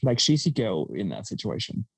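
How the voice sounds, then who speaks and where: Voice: medium pitch, big pitch swings, a little fast, slightly rough, dry recording. A co-host chatting casually, with gossipy, giggly banter. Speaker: podcast co-host. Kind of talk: casual chat.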